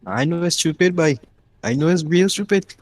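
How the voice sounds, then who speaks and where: A man's voice: on the high side, moderate pace, no room sound. A man from Barbados with a Caribbean accent, chatting loosely in a casual interview, filling gaps with "yeah, man". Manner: relaxed, rambling, many fillers like "yeah, man". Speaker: racing league driver being interviewed.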